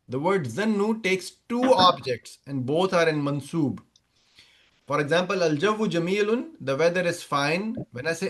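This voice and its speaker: An Arabic teacher, a man with a fairly high, expressive voice, gives an online grammar lecture over video call at normal speed. He works through it step by step, repeating examples and checking that his students are following.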